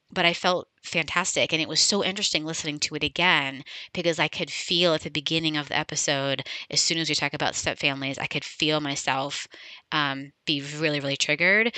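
A woman's voice: low voice, bright, forceful tone, dry recording, poor audio. A woman hosting a podcast, talking candidly and personally about her own experience, with frequent ums. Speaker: podcast host. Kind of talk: reflective podcast intro monologue.

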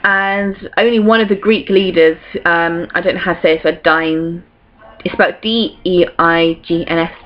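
A woman's voice: fairly low pitch, fairly even intonation, normal speed, muffled recording. A young woman in her late teens, casually talking through revision notes with lots of fillers, now and then acting out quotes in playful voices. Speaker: student revising for exams. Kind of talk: casual revision talk to camera.

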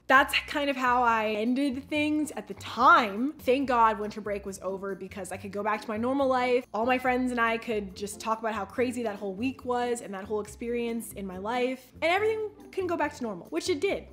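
A young woman telling a casual storytime vlog, chatty and animated, acting out quoted texts and peppering her talk with "like". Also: a little high, brisk.

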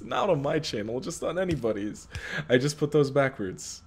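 A man's voice: a little high, takes it slowly. A young man casually commentating his own gameplay, frustrated and muttering at himself about his mistakes. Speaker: gaming channel host. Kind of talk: casual let's play commentary.

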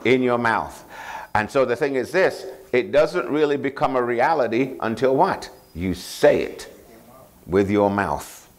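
Guy preaching a sermon, average pitch, keeps asking the church "with the what?" and repeating verses slow. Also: animated. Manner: call-and-response, asking the congregation to finish his lines; repeats scripture references slowly and emphatically. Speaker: pastor.

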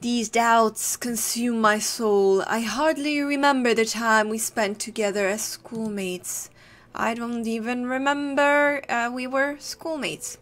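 A woman voicing a tormented gentleman haunted by a dark vision, reading his game dialogue aloud in a put-on, slightly odd accent. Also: fairly high pitch, slow pace. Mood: brooding. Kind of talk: let's play dialogue reading.

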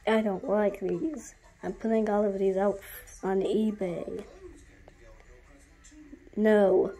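A woman's voice: mid-range voice, fairly even intonation, slow, dark tone, faint music behind. A woman streaming a game, chatting in a silly, contrary, sing-song teasing way. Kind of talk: playful game commentary.

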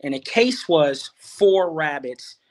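A middle-aged man talks over a video call, his voice sitting a little high for a man. He rambles through a long story with plenty of ums and restarts. He turns animated whenever he quotes someone else. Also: slow. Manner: rambling, with many fillers and restarts, animated when quoting others. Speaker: guest farmer. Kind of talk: conversational storytelling.

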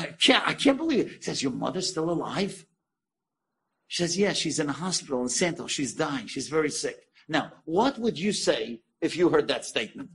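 A man, a rabbi, telling an inspirational story to an audience, acting out the dialogue with big jumps in pitch and asking his listeners questions. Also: vocal fry, breathy edge. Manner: animated, acts out quoted dialogue with sudden high pitch jumps; asks the audience direct questions.

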